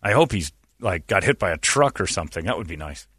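A man's voice: sits low, animated, fast, fairly bright tone, breathy edge, no room sound, clean studio sound. A man in casual sports talk, ranting bluntly and acting out what others said. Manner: blunt, ranting, acts out quotes in put-on voices.

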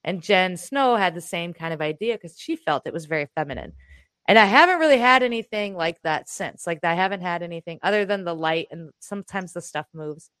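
A woman chatting casually as a co-host at home, telling a personal story in an animated, rambling way with restarts and the odd swear word. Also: fairly low pitch, fairly quick, clean tone, dry recording. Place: room in her home.

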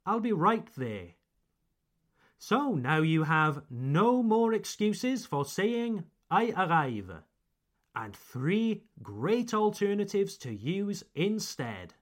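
A man hosts a podcast language lesson, drawing out each example phrase slowly and clearly. His delivery is unhurried, and his pitch rises and falls a great deal. His voice sits slightly higher than most men's. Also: big pitch swings. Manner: slow, clear, drawn-out modeling of example phrases. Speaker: English teacher and podcast host.

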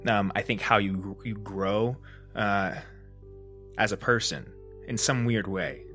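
A man hosting a solo podcast, telling a story in a rambling, casual way, full of fillers and restarts, and lively when he acts out the moments. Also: lowish voice, slow, faint music behind. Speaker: podcast host.

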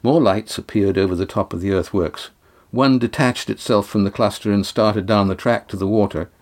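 A man narrating an audiobook chapter in a steady, measured way. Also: on the low side.

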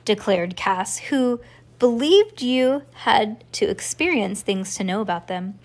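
A woman reading a children's storybook aloud to a child, with a calm storytelling cadence. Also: mid-range voice, slow pace. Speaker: reader to a child.

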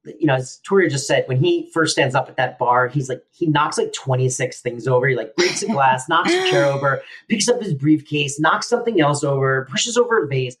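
A man with a husky, slightly breathy voice, chatting casually about a TV episode. He talks with enthusiasm and plenty of fillers and restarts. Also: medium pitch, very animated, fairly quick, hardly any pauses, fairly bright tone. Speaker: podcast co-host. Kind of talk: casual chat recapping a sitcom episode.

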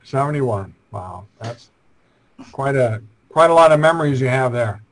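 A man's voice: mid-range voice, animated, normal speed, a bit bright, a little hiss or hum, rough recording. A man hosting an interview over a video call, prompting guests and repeating his questions. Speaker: show host.

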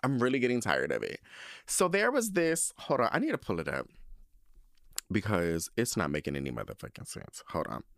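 A man's voice: lowish voice, a bit bright, smooth, dry recording, clean studio sound. A man hosting a podcast, ranting in a casual, sassy and profane way with lots of emphasis. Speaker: podcast host.

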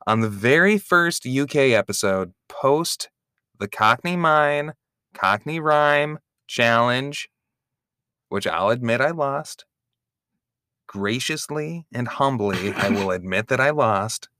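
Speaking slowly and expressively at a medium pitch, this man co-hosts a podcast and jokes around in a teasing, casual way. His tone is bright and forceful, and the recording is dry with clean studio sound.

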